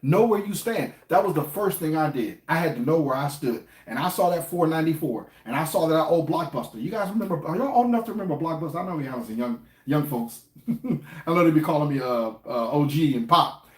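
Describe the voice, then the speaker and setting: A man's voice: fairly high pitch, lively intonation, fairly quick. A middle-aged man with an African American English accent, talking casually to the camera about money, repeating himself and asking viewers questions. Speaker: finance vlogger. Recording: echoey room.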